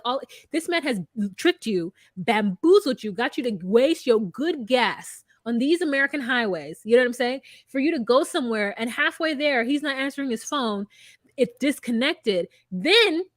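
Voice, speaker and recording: Woman podcast co-host, high voice, jokey, animated, dry close sound. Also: dry recording. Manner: animated, jokey, acts out quotes in funny voices. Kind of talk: casual recap chat.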